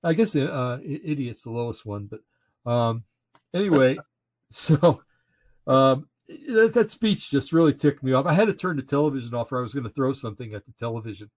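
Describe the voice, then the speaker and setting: On a casual political talk show he co-hosts, an Oregon man in the United States vents with indignation, stumbling through fillers and restarts. He speaks at normal speed in an expressive, medium-pitched voice over slightly dull lo-fi audio.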